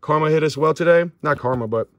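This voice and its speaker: Talking fast in a voice on the high side, a young man hosts a pack-opening channel video with no echo in the audio. He rattles off cards casually as he opens them, fumbling some names, and bursts into excited shouts and whoops at the big hits.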